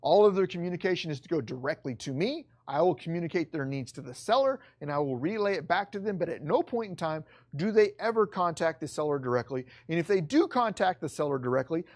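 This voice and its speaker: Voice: medium pitch, animated, fast talker, hardly any pauses, darkish tone. A real estate instructor giving an online course lecture, talking emphatically and bluntly, often repeating key points.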